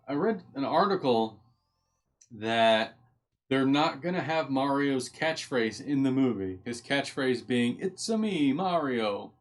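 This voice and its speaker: Chatty, easily sidetracked streamer guy. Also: mid-range voice. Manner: chatty, easily sidetracked, thinks aloud while reading. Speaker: live stream host. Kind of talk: casual live-stream chat.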